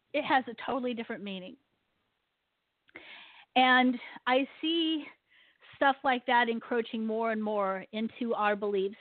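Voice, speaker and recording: A woman whose voice is a little high hosts a casual talk radio chat with a guest. She gets animated ranting about her pet peeves and laughs often, and the recording is dry and phone-tinny with no room sound.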